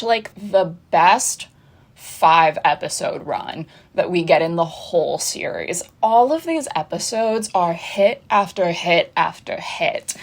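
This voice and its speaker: A young woman with a slightly low voice talks through a TV recap. Her delivery is chatty and animated, full of sarcastic asides. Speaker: pop culture vlogger. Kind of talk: casual TV recap.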